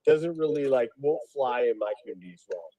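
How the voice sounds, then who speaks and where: A man's voice: medium pitch, fast, no room sound, poor audio. A man talking casually on a livestream as a guest, from outside a store, hedging with many fillers. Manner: animated, hedging, lots of fillers. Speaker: guest streamer.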